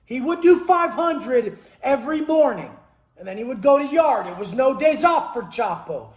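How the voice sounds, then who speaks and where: A man with a notably high voice delivers a fierce motivational monologue in an echoey room. He swears constantly and keeps breaking into shouts, pushing every line hard. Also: sing-song, moderate pace. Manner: intense, forceful, swears constantly, bursts into shouts. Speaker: motivational speaker.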